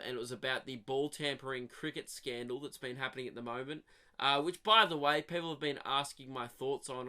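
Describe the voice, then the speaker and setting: A young man from Australia, hosting a podcast with a rambling, swearing comic monologue that swings from loud rants to mutters. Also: mid-range voice, clean tone. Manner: swearing, animated rants with sudden drops to mutters. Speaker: comedian podcast host.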